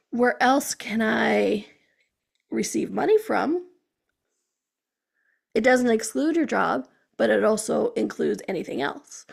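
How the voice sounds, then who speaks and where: A woman hosts her own podcast in a loose, animated motivational monologue. Her voice sits a little high and carries a strong gravelly fry. She keeps checking in with her listeners with a quick "okay?". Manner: chatty, animated, frequent "okay?" check-ins. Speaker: podcast host.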